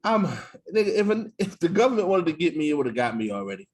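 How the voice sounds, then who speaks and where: A man's voice: fairly high pitch, sing-song, fast talker. A man co-hosting a podcast in loose, joking, profane banter. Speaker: podcast co-host. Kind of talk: casual chat.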